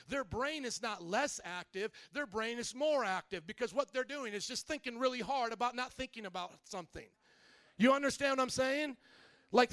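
A man preaching a humorous sermon in a church, joking and animated, calling out to the congregation. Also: high-pitched, no room sound. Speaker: pastor.

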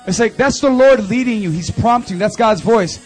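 A young man in his twenties giving an animated, chatty testimony and announcements to a youth group at a church service. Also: sits high, moderate pace, husky, soft background music. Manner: animated and conversational, full of fillers. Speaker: youth ministry speaker.

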